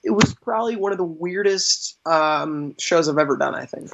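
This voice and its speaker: A man's voice: fairly high pitch, moderate pace, vocal fry, background noise. A man being interviewed as a magician, telling stories in a chatty way, laughing often and using lots of fillers. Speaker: magician, podcast guest. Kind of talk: casual interview storytelling. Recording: dull lo-fi sound.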